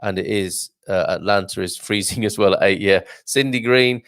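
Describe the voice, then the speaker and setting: A man with a lowish, fairly bright voice hosts a live show at normal speed, casually rambling through viewer comments with jokes and laughs. The sound is dry and clean, studio-style.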